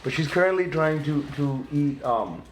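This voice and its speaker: A man's voice: on the high side, expressive, normal speed, a little hiss or hum. A young man hosting a casual group chat at a summer camp, playful and rambling, often restarting his sentences. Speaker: video host, former camp staffer. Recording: roomy echo.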